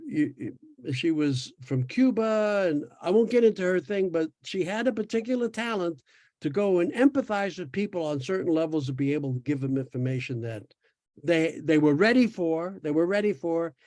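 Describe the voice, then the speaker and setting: High-voiced man in his eighties. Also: normal speed, darkish tone, dry recording, studio quality. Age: 80s. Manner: rambling storyteller with restarts and laughs. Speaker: podcast guest sharing his experience. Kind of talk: casual conversation.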